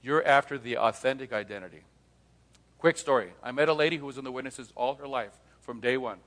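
A man's voice: medium pitch, brisk, a bit bright. A middle-aged man giving a live talk to an audience. He tells stories, acts out both sides of conversations and asks rhetorical questions. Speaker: speaker on leaving cults, former pastor. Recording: long hall reverb.

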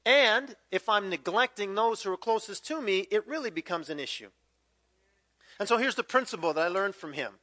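A man in his fifties preaching a conversational sermon, swinging from loud acted quotes to quiet, drawn-out emphasis. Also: on the high side, no room sound. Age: 50s. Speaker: pastor.

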